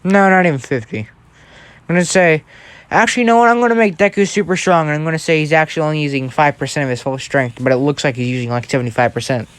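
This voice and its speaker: A man's voice: on the high side, fast talker, smooth. A man telling an improvised fan story in a casual, rambling way, often checking in with "right?" and changing details as he goes. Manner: changes details mid-thought.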